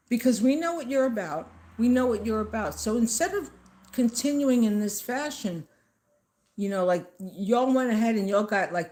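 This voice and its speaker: A woman's voice: a little high, dark tone. A woman at home, giving a casual political rant to the camera. She scolds her targets emphatically and says the same phrases over and over.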